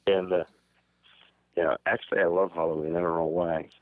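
An older man reading a poem aloud at an open-mic call, slow and dramatic, with hesitant asides. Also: low-pitched, little pitch movement, no room sound. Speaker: poetry reader. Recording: dry phone-line audio.

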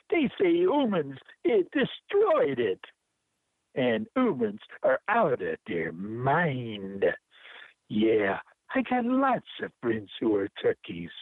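A man's voice: mid-range voice, dry recording, heavily acted. A man putting on a Jamaican-accented poem reader. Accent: put-on Jamaican. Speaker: caller. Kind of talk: poetry reading. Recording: phone line.

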